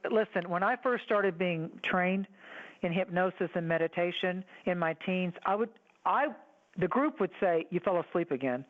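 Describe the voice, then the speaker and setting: Woman psychic, forties, soothing and chatty, phone audio. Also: fairly low pitch. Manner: warm reassuring, calls callers honey and ma'am. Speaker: psychic guest. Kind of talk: phone-in call-in chat. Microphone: phone line. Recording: tinny phone line.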